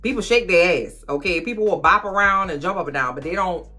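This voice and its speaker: A woman recaps a TV episode in a loose, chatty way, full of sass and quick asides. Her voice sits on the lower side for a woman. Faint music plays softly underneath. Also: lively intonation. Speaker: recap vlogger. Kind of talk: casual TV recap chat.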